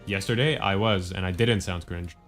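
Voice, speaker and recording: A man's voice: sits low, normal speed, a bit bright, soft background music. A man streaming a game and chatting casually, rambling and joking at his own expense. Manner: rambling, self-deprecating, laughs often.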